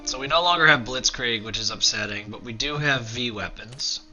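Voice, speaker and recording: Chatty bright-voiced gaming host. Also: male voice, medium pitch, moderate pace, muffled recording, soft background music. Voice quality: chatty, rambling, drops into quiet asides. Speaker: let's play host. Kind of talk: casual gameplay commentary.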